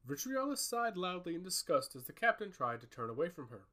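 A man narrating a fantasy story in a storybook style, with an expressive, rising and falling delivery. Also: high voice, brisk.

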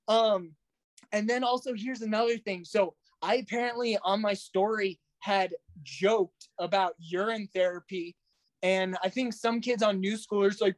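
A young man telling a story in a casual, animated way, swearing a lot and using slang. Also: high-pitched, normal speed, dry recording.

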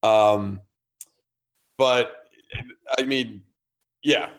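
A man's voice: on the low side, steady tone, very slow. A man in casual podcast chat, laid-back and rambling. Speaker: podcast guest.

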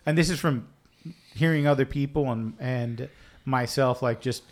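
A man's voice: mid-range voice, moderate pace. Profane, rambling male podcast host. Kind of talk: casual chat.

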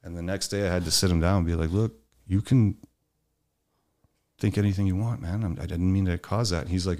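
Deep-voiced male guest, candid storyteller, salty language, acts out his quotes. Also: steady tone, a little fast, darkish tone.

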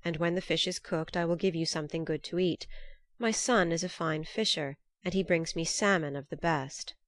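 A cunning old man with a sharp, shrieking edge and a greedy streak, put on by a woman reading a storybook. He sits a little low and sounds close and dry, with no room around him. He is grasping and demanding. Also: normal speed, no echo, natural voice. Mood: hospitable.

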